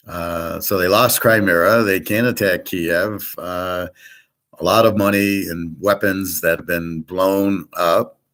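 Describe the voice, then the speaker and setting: A man's voice: low-pitched, a bit bright. Blunt, profane man ranting. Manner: blunt, profane, aggrieved storytelling. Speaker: show host. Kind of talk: casual rambling monologue.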